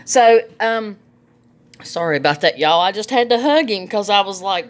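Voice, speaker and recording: A woman's voice: medium pitch, moderate pace. A middle-aged woman, chatting folksily through a cooking demonstration in her home kitchen and laughing often. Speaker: home cook, vlog host.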